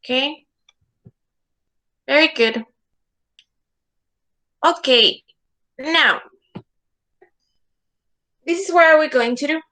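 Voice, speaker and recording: Slow, bright-voiced woman teaching English. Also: high-pitched. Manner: slow, repeating words for students to echo; checks understanding with frequent "okay?". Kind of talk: online class instruction.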